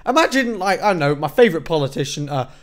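A man's voice: fairly high pitch, big pitch swings, fast talker. Sarcastic young man. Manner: sarcastic, exclaims loudly, slips into mocking put-on voices. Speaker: YouTube host reacting to music videos. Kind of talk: casual reaction commentary.

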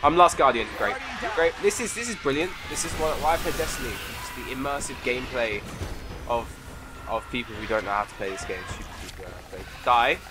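A teenage boy commentating his own gameplay in a goofy, trash-talking way, sniffly from a cold, swinging from mumbled asides to excited yells. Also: mid-range voice, fast. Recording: noisy home recording.

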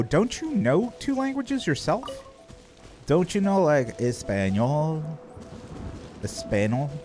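A man's voice: medium pitch, a little mellow. A man chatting casually on a live game stream, playful and joking, swearing freely. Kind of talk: casual live-stream chat while gaming.

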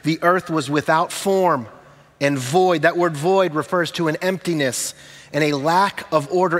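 A middle-aged man preaches with a slightly raised pitch. He moves between animated storytelling and quiet, slowed-down emphasis. His voice rings in a long hall reverb. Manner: animated storytelling with sudden hushed, slow emphasis. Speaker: pastor. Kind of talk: sermon.

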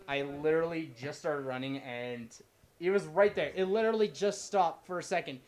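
A man commentating a co-op game playthrough, loud and swearing with frequent outbursts. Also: fairly high pitch, moderate pace. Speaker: co-op gameplay commentator. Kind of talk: excited let's-play banter.

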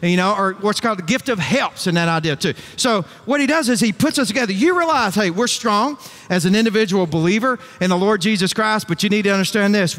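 A man's voice: sits high, a bit bright, big-room sound. A male pastor preaching an emphatic sermon full of rhetorical questions and folksy asides. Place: church sanctuary.

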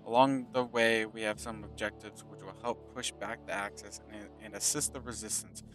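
A man's voice: lowish voice, steady tone, moderate pace. A man giving casual gameplay commentary, joking and stumbling as he reads tutorial text aloud. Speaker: gaming video host. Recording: with loud game music behind.

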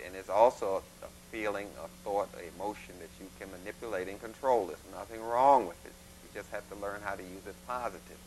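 Low-voiced man giving a folksy lecture. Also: a bit bright, low-quality recording. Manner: plain instructive, folksy images, halting delivery. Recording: faint mains hum.

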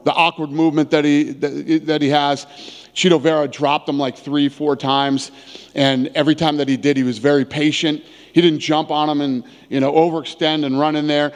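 A blunt, casual middle-aged man fields questions from reporters, stumbling and restarting his words as he goes. His mid-pitched voice rings out with a long reverb in a large room. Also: clean tone. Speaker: promoter answering press questions. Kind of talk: press conference answers.

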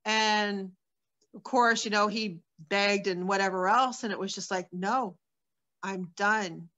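A woman telling her own life story as an interview guest, candid and earnest. She talks at a middle pitch and loosely, with plenty of fillers and restarts. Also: fairly even intonation, a little slow, sharp tone. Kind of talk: sharing a personal testimony.

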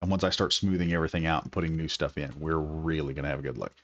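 A man's voice: rumbling low, very fast, a bit bright, highs cut off. A man giving casual, enthusiastic gameplay commentary, thinking aloud as he builds. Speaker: gaming video creator.

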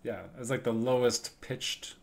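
A woman's voice: extremely low pitch, moderate pace, vocal fry, a little mellow. A woman co-hosting a reaction channel, chatting casually and joking around. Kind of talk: casual chat.

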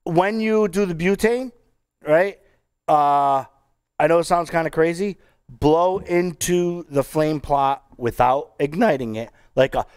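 A man's voice: fairly high pitch, slow, darkish tone, clean tone, no room sound, studio quality. A man co-hosting a podcast in casual chat, joking, teasing and laughing often. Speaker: podcast co-host.

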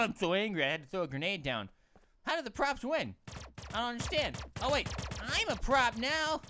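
A man's voice: extremely high pitch, big pitch swings, moderate pace, noisy background. A man hosting a gaming channel, giving goofy let's-play commentary full of puns and talking to the characters on screen. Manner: punning, jokey, talks to game characters. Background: game music.

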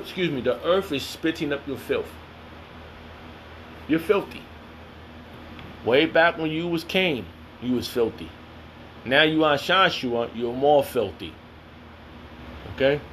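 A man's voice: on the high side, fairly bright tone, slight background noise. A man reading scripture aloud and commenting on it in a heated, confrontational, slangy way. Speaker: self-styled preacher.

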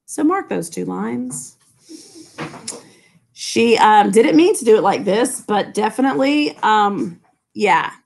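Gravelly-voiced woman teacher, chatty. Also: medium pitch, big pitch swings, slow, pauses often, darkish tone, a little hiss or hum. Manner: chatty, with many fillers. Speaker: English teacher. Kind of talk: casual explanation of a novel.

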